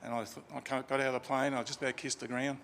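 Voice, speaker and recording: Gravelly man telling a story. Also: medium pitch, level tone, fast talker, a bit bright, a little hiss or hum. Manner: chatty anecdotal, with fillers and restarts. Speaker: funeral eulogy speaker. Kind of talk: informal storytelling eulogy. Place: crematorium chapel. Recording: reverberant chapel, faint ambience.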